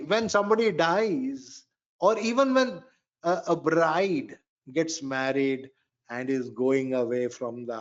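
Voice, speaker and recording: Heard through lo-fi sound, a medium-pitched man lectures on spiritual astrology as a Vedic teacher. Slow and emphatic, he keeps repeating important phrases and breaks into mantras.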